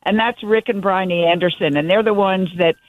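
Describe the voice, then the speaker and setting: A woman's voice: mid-range voice, fairly quick, no room sound. An older woman, a guest journalist, telling stories enthusiastically in a casual interview over the phone. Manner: enthusiastic, meandering storytelling. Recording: dry tinny phone line.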